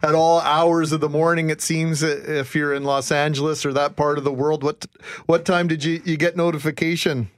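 A man's voice: on the high side, little pitch movement, normal speed, no echo, studio quality. A man co-hosting morning radio, upbeat and asking quiz questions. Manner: upbeat, quizzing co-host. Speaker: radio co-host.

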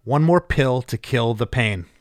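A man's voice: mid-range voice, a little slow, dry recording. A man with a mid-range voice hosts a podcast and talks keenly through the parts of a song. The recording is dry and close. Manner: enthusiastic, describes the music in detail. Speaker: podcast host. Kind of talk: casual track-by-track commentary.

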